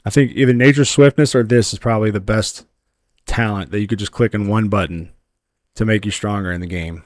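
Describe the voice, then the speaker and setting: A man's voice: lowish voice, a little fast, no room sound, studio quality. A man streaming a video game, chatting casually with viewers as he plays. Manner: relaxed, talks to chat while playing; yells with excitement at lucky loot drops. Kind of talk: casual gameplay livestream chat.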